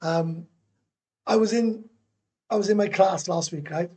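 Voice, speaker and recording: A man's voice: high-pitched, a little slow, mellow, slightly rough. A man with a Welsh accent chatting casually on a livestream, bluntly answering viewer comments, swearing freely and repeating himself. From Wales. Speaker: livestream host. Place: indoors, living in Thailand.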